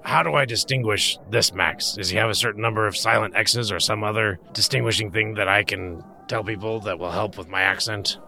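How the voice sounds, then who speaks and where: A man's voice: on the low side, fairly quick, creaky, hardly any pauses, bright, forceful tone. A man playing a character in a tabletop role-playing game, with polite, wry in-character narration. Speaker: player.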